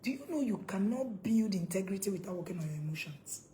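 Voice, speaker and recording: A woman's voice: mid-range voice, animated, fast talker, mellow, low-quality recording. A woman giving a live parenting talk, emphatic and repeating her questions to viewers. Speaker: parenting coach.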